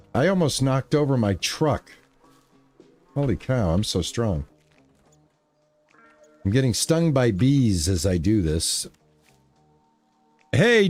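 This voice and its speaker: A man's voice: mid-range voice, dry recording. A man chatting casually to his live chat while playing a farming game, rambling and easygoing. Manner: laid-back, rambling, talks to chat. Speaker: streamer.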